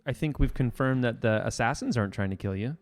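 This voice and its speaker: A man's voice: medium pitch, expressive, fast, faint music behind. A man playing a tabletop game, talking in a rambling, hesitant way with many restarts. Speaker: player.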